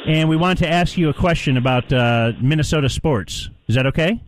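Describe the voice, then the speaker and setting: A man's voice: fairly high pitch, a little fast. A man hosting live sports talk radio, chatty and playful, rambling with asides.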